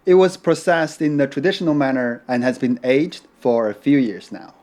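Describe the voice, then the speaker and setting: A man giving a measured, unhurried explanation about tea, adding small playful asides. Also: mid-range voice, a little mellow. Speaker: tea educator. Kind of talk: scripted educational narration.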